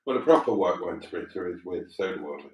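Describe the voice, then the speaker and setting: A relaxed man chatting on a livestream and tossing in short, jokey remarks. His voice is very deep but moves freely up and down. It sounds echoey and set back from the mic. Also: quick pace. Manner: relaxed, brief jokey replies. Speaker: livestream host. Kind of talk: casual livestream chat. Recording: roomy echo, distant from the mic.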